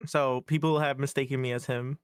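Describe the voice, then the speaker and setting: A man joking around on a live stream, swearing freely and teasing his friend with theatrical flair. His voice sits at a middling pitch for a man. The sound is dry and close. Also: fairly even intonation, brisk, clear, resonant tone, no echo. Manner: profane, teasing, theatrical outbursts. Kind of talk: casual chat on a live stream.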